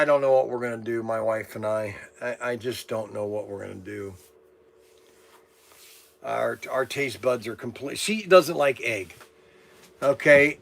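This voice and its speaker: A man's voice: on the high side, fairly bright tone. A man hosting his hobby channel, telling a meandering story in a casual monologue with grumbling asides. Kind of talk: casual rambling monologue to camera.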